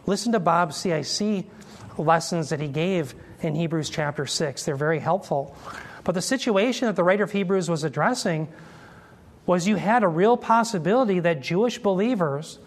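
A man teaching an expository sermon, explaining Greek terms slowly and asking his listeners questions as he goes. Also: high voice. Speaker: Bible teacher.

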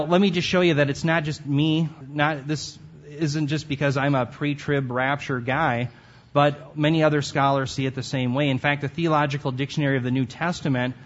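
Earnest man teaching scripture, lo-fi. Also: a little high. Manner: earnest teaching tone, stresses key words. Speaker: Bible teacher. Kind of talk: expository sermon.

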